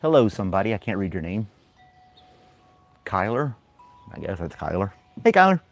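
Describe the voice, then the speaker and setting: Male host, casual live chat, playful dog talk, breathless, very lively pitch. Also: normal speed, creaky, soft background music. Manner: playful baby-talk to his dog, high and loud.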